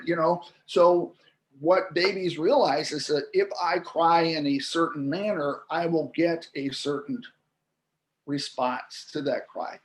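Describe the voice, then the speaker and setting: A man in his sixties with a slightly higher voice than most men, talking through ideas in an interview. He restarts and repeats words often, and he slips into playful baby babble and parent voices to make his points. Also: measured pace. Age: 60s. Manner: animated, acts out babies and parents in playful voices. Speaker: interview guest, interpreting researcher. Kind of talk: explanatory interview talk.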